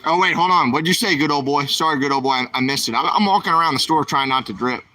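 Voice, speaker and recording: Strolling through a store on a shopping livestream, this vlogger chats and quizzes his viewers. His voice is fairly high and sharp in tone, and he talks fast.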